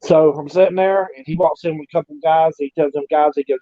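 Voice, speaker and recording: A man's voice: a little high, quick pace, hardly any pauses, warm tone, no room sound. A man, a former pro wrestler, casually telling road stories, swearing and acting out what people said. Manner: profane, acts out quoted dialogue. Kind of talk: casual storytelling. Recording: dry, muffled lo-fi audio.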